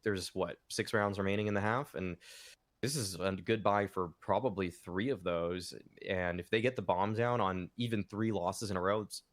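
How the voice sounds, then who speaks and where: A male esports commentator with a lowish voice, breaking down the round economy. He talks in a relaxed, analytical way. The sound is dry and close. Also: normal speed, dry recording. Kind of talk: live game commentary.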